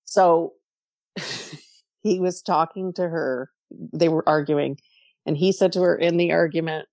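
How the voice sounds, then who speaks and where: A woman's voice: fairly low pitch, takes it slowly, long pauses, dry recording, clean studio sound. A middle-aged woman from Canada, a podcast guest, talking casually and emotionally as she tells stories. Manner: emotional, animated storytelling. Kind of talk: casual interview talk.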